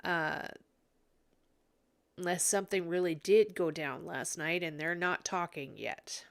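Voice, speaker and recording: Slow, hesitant tearful woman. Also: on the low side, creaky. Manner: hesitant, many ums and restarts. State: tearful, sniffly. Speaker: psychic reader. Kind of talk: emotional psychic commentary vlog.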